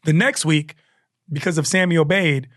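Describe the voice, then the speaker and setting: A male comedian guest telling stories in a casual, animated chat, full of quick asides and restarts. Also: a little high, noisy background.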